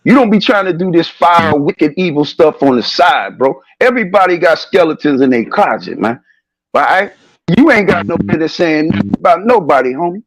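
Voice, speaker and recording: A man's voice: a little high, animated, fairly quick, dry recording, rough recording. A man in a heated live stream rant, preaching and calling people out in confrontational street talk over a call connection. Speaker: guest on a live stream show.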